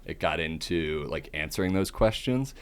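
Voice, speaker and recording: A young man, a podcast guest and comedian, talking casually in a deep, monotone voice, relaxed and self-deprecating with hesitant fillers. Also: moderate pace, smooth. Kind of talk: casual interview chat.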